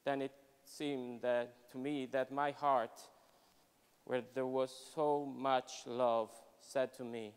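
Slow, solemn male reader in a hall. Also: medium pitch, clear, resonant tone. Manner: solemn, measured, expressive reading. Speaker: professor. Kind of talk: dramatic literary reading. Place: university lecture hall. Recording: long hall reverb at a live event.

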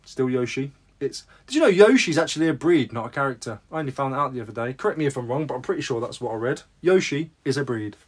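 A man's voice: mid-range voice, lively intonation, fast talker, few pauses, husky. A man chatting casually in a vlog about his sales, rambling and making self-deprecating asides. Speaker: reseller vlogger.

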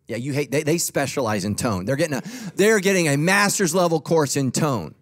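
A man's voice: fairly high pitch, expressive, a little fast. A middle-aged man preaching a sermon as pastor, conversational and joking, acting out quoted voices. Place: church auditorium.

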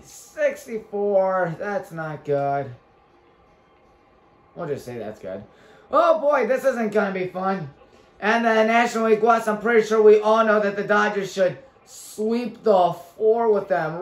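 Excitable young man calling video game plays. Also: sits high, slow. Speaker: sports talk show host. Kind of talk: casual commentary while playing a basketball video game. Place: small room at a local community TV station. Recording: roomy echo.

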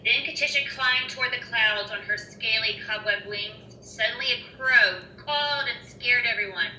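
A woman reading a children's picture book aloud with expressive storytelling. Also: a little high, moderate pace, a little hiss or hum. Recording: roomy room, mic at a distance.

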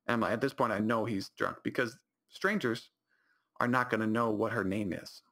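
A young man hosting a podcast, telling a comedic story in a rambling, animated way and correcting himself often. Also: on the low side, normal speed. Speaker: podcast host.

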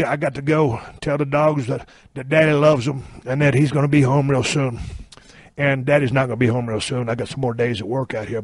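A man hosting a podcast and telling a comic story in a profane, deadpan way. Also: mid-range voice, no echo. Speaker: podcast host.

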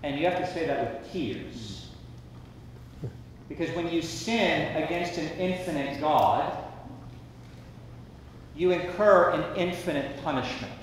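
A man's voice: on the high side, slow pace, long pauses, a little hiss or hum. A man on a conference panel, answering in a firm, emphatic, preacherly way. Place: large conference hall. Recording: distant voice in echoey hall.

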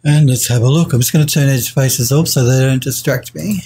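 Male streamer, live modelling tutorial, husky, hesitant, self-correcting. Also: mid-range voice, fairly quick, warm tone. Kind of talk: live tutorial commentary, reading chat.

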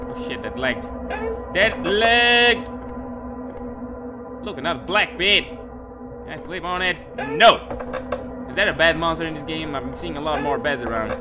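A high, swooping male voice talks through a horror game, jumping from mumbled remarks to startled yelps and curses. Game music plays loudly behind him. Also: lively intonation, brisk. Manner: jumpy, yelps and swears at scares. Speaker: gaming video creator. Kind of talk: horror game let's play commentary. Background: loud game music.

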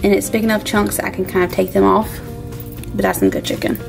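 A woman's voice: mid-range voice, very animated, brisk, vocal fry, over music. A woman, chatting upbeat in her home kitchen while she cooks for her vlog. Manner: chatty, upbeat, says "y'all". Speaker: vlog host. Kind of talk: casual cooking vlog chat.

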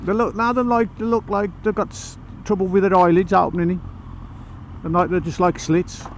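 A man's voice: high voice, little pitch movement, normal speed, gravelly, a little hiss or hum, poor audio. A man with a Black Country accent, rambling and laughing in casual chat while out on a motorcycle, talking over a helmet intercom. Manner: rambling, chatty, laughs a lot. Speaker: motorcycle vlogger. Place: outdoors on a motorcycle.

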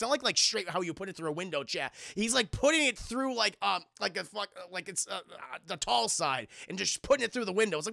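Gravelly, profane male streamer. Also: high voice, pushed and bright, dry recording, clean studio sound. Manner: rambling and profane, addresses chat. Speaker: streamer reviewing a TV show. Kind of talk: casual live-stream commentary.

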